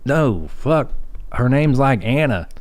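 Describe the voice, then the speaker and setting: A man's voice: mid-range voice, expressive, takes it slowly, a little mellow. Profane West Virginia man, blunt. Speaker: podcast guest. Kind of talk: casual chat. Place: Oklahoma City.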